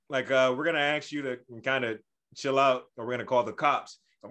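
Man, casual storytelling, animated, acts out voices, average pitch. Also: brisk. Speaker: podcast co-host.

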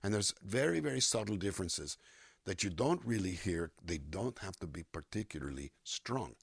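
An older man, a singer-songwriter, talking in a relaxed interview and acting out voices and melodies as he explains. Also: deep voice, normal speed, creaky, breathy edge, dry recording, clean studio sound. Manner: animated, demonstrates voices and melodies mid-sentence. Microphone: USB microphone.

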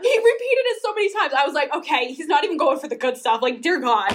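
A woman's voice: high-pitched, sing-song, brisk, hardly any pauses, very noisy. A young woman, telling a dating story on a casual podcast while laughing often. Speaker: podcast co-host.

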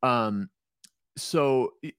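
A man's voice: mid-range voice, extremely slow, clear, resonant tone, no echo, studio quality. A man talking casually on a podcast as a guest, rambling and self-deprecating, a little stoned.

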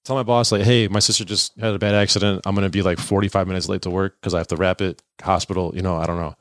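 Fast-talking deep-voiced man telling a story. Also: no echo, clean studio sound. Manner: animated, profane, acts out voices in his stories. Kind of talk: casual storytelling.

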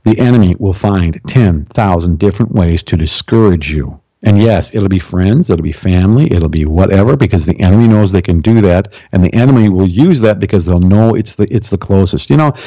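Male pastor guest with a low, mellow voice. Animated preaching and reading commentary, dry lo-fi recording. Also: fairly quick, hardly any pauses, no room sound. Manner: animated, keeps asking "right?" and "okay?"; jumps high in pitch for emphasis. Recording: dull lo-fi sound.

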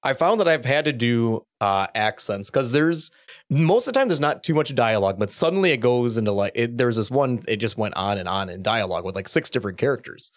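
Male podcast host, mid pitch, dry close mic, rambling, hesitant delivery. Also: expressive, fairly quick, dry recording. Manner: rambling, hesitant, stammers and laughs. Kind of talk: casual gaming podcast chat.

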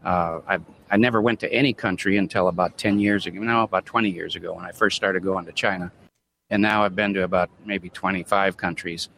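Low-voiced male caller over a phone. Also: steady tone, brisk, vocal fry, fairly bright tone, a little hiss or hum, poor audio. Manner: chatty storyteller, grumbling. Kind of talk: phone-in chat.

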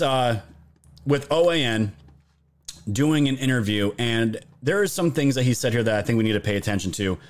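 A male host giving casual, mocking political commentary and talking to his viewers as "guys.". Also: medium pitch.

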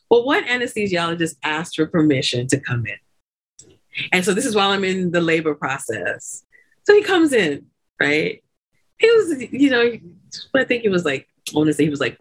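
A woman doula, a guest on an interview podcast, telling her own story in an animated way with many fillers and frequent laughs. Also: fairly low pitch, husky. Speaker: doula and lactation consultant guest.

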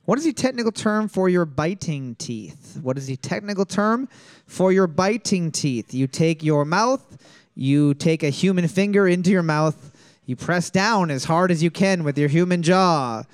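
A man's voice: high voice, lively intonation, normal speed, no room sound, studio quality. A man hosting a trivia podcast, reading questions twice and joking and laughing with his co-host. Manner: repeats each question twice, laughs easily.

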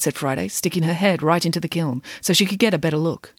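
A woman who writes children's books and hosts a podcast, reading a bedtime story aloud in a measured, expressive way. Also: sits low, slightly rough, no room sound. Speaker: children's author and podcast host.

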